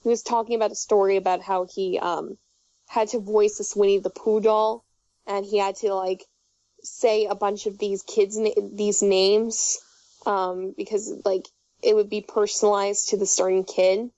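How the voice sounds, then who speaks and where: A woman's voice: mid-range voice, level tone, normal speed, mellow, no room sound. A young woman chatting casually, telling rambling, giggly stories full of fillers and restarts. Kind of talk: casual chat. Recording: dull muffled audio.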